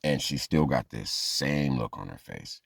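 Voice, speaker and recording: A man's voice: rumbling low, measured pace, creaky, slightly rough, no echo. A man telling a funny true story as a monologue, acting out the people in it. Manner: animated, acts out quoted voices.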